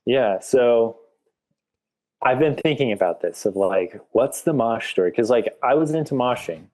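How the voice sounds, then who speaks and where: A man's voice: medium pitch, expressive, measured pace, darkish tone. A man telling a story as a podcast guest, rambling casually with lots of filler words. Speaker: podcast guest, graphic artist.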